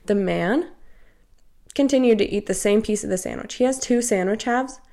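A woman's voice: mid-range voice, moderate pace, vocal fry, dark tone. Chatty young woman telling a story. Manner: chatty, heavy use of "like", acts out quoted dialogue. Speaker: podcast co-host. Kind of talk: casual chat storytelling.

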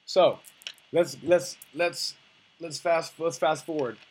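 A man's voice: a little high, slow pace, a little mellow, slight background noise. A young man coaching on dating, talking bluntly and casually, with profanity and many restarts.

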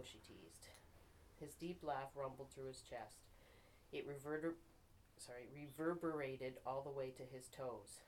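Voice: medium pitch, normal speed, a little hiss or hum, poor audio. A writing group member reading their own fiction aloud and stopping now and then to fix slips. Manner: reads steadily, stops to fix slips and apologizes.

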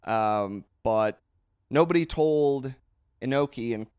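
A man's voice: mid-range voice, slow, darkish tone, smooth, no room sound, studio quality. A man co-hosting a casual podcast, explaining history in a rambling way with many fillers and restarts. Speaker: podcast co-host. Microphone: close podcast mic.

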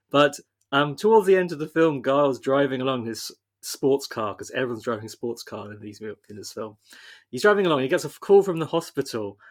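A man co-hosting a podcast in casual chat, laughing often as he retells scenes. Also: a little high. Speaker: podcast co-host.

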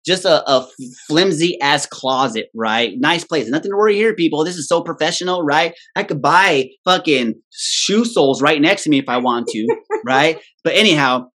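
A man's voice: on the high side, expressive, moderate pace, fairly bright tone. A man on a podcast telling a long personal story in casual chat. He swears freely, laughs at himself and tags nearly every sentence with "right?".

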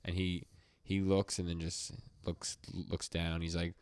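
A man with a very deep voice casually recaps a story on a podcast, stopping and restarting his sentences. The recording is dry and close. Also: flat delivery, dry recording. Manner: halting retelling with restarts. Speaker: podcast co-host.

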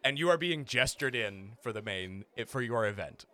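A man narrating as game master of a tabletop game, improvising with animated, rambling description. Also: mid-range voice, moderate pace. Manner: animated, improvised, many fillers.

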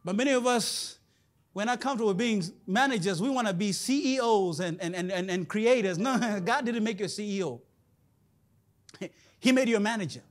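A man's voice: high-pitched, moderate pace. A man preaching a sermon in a conversational way, often putting rhetorical questions to his listeners.

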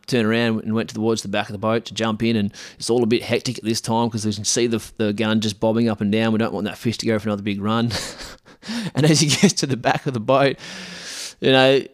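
A man, a podcast host telling a story in a relaxed, slangy way with many fillers and restarts. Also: medium pitch, no echo, clean studio sound. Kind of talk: casual storytelling.

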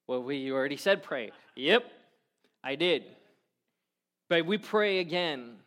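Slightly high-voiced preaching man. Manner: earnest, quotes prayers and scripture with sudden soft drops. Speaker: pastor. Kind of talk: sermon.

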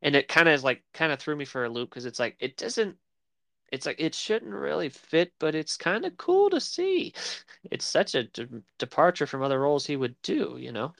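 A man's voice: medium pitch, lively intonation, fairly quick, vocal fry, a bit bright, no echo. A man co-hosting a podcast in casual chat, easygoing and joking, with frequent fillers and hesitations. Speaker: podcast co-host.

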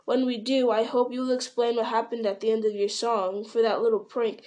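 A woman's voice: fairly high pitch, little pitch movement, close to an everyday voice. A woman reading as Strider, a grim wary ranger. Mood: wry. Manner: measured, grim, sometimes sharp. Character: grim wary male ranger, weathered and watchful. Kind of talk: audiobook character reading.

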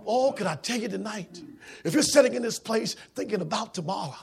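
A preacher delivering a sermon, alternating rhythmic shouting with quieter storytelling in a raspy voice. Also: male voice, high voice, animated, fairly quick.

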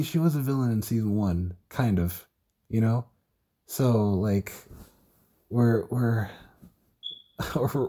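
A man's voice: mid-range voice, warm tone, breathy edge. A young man talking casually on his own podcast, tired, stuttering and swearing as he rambles. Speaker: podcast host. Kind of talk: casual solo podcast about a TV show.

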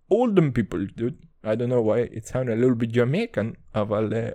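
A man's voice: mid-range voice, animated, brisk, hardly any pauses, dark tone, no room sound. A young man hosting a podcast, talking in a brash, profane, self-mocking comedic monologue. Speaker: podcast host.

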